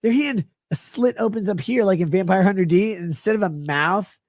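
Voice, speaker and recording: A drunk man in a rambling stream monologue, swinging erratically in pitch and loudness. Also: a little fast, dry recording, clean studio sound.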